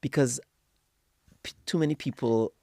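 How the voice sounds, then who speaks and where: A man from Trinidad and Tobago, a podcast guest telling anecdotes in a relaxed, conversational way. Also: mid-range voice, normal speed, no echo, clean studio sound. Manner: relaxed anecdotal storytelling, agrees often. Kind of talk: casual interview chat.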